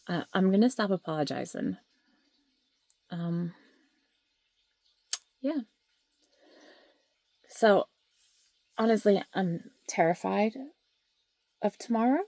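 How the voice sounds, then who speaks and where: A woman speaks candidly to her handheld camera at home, her voice carrying a gravelly fry. She talks in a raw, rambling and emotional way and sometimes drops to a whisper. The sound is close and dry, with no room echo. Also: medium pitch, lively intonation, slow pace, pauses often. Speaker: vlogger sharing her grief. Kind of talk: candid talking-to-camera vlog. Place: at home, indoors. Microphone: handheld camera or phone.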